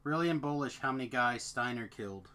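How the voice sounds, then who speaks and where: A man's voice: mid-range voice, animated, a little fast, bright, forceful tone. A man playing a tabletop game, joking in a dry, sarcastic way. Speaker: player. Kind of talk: casual role-play banter.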